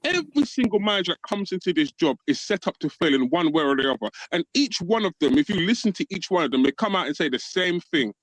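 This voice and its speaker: A man's voice: high voice, sing-song, fast, hardly any pauses, a bit bright, no echo, low-quality recording. A man on a livestream fan panel, arguing emphatically and calling the others "brother".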